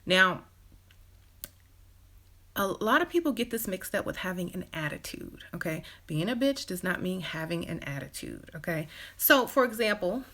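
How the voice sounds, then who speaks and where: A woman's voice: on the low side, very animated, moderate pace, bright, forceful tone. A woman hosting a relationship advice live stream, chatting casually with many fillers and acting out quoted lines. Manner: chatty, acts out quoted dialogue in other voices; frequent "you know" fillers and brief laughs. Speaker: relationship advice channel host.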